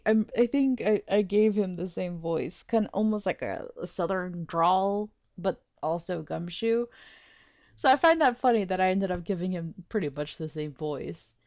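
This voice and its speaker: A woman's voice: medium pitch, darkish tone, no echo. A woman doing casual let's play commentary, rambling and chatty, laughing at herself as she talks.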